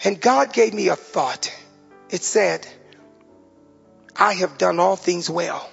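An older pastor preaches with a high, gravelly voice, his words breathy and rough at the edges. He slows and softens on the heavy moments, and the sound is dull and carries a long hall reverb, with faint music behind. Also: lively intonation. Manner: preaching with emotional pauses, dropping soft on heavy moments. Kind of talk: sermon.

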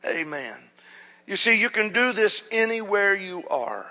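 A male pastor telling stories in a sermon, dropping to a hush and then rising loud and animated. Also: sits high, a little slow, some chatter behind. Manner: animated storytelling, swings from hushed to loud. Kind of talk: storytelling sermon. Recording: muffled hall reverb.

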